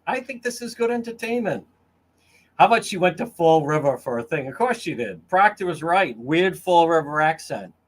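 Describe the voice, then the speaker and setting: A man's voice: on the high side, very animated, moderate pace. A man hosting a casual livestream, crude and mocking as he reads comments from chat. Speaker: livestream host.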